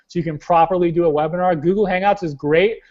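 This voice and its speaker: A man's voice: high voice, steady tone, fast, darkish tone, muffled recording. A young man leading a weekly team call, giving blunt, slangy motivational coaching and talking straight to his team. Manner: blunt, casual, slangy, keeps saying "guys". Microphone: webinar call.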